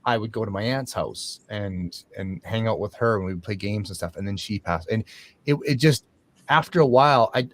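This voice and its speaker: Reflective man with a lowish voice. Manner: reflective, rambling, with restarts and fillers. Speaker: host. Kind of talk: conversational talk show discussion.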